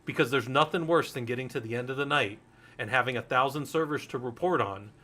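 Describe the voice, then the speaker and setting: A man's voice: medium pitch, brisk, pushed and bright. A man in his forties teaching a Linux security course in a candid, loose way, swearing freely and drifting into anecdotes. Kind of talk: casual technical lecture.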